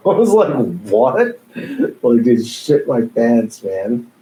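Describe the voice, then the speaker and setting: A man's voice: medium pitch, very animated, slow, dark tone, a little hiss or hum, rough recording. A man, a tattoo artist, telling stories in a laid-back way, swearing freely and laughing often. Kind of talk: casual storytelling. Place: tattoo shop.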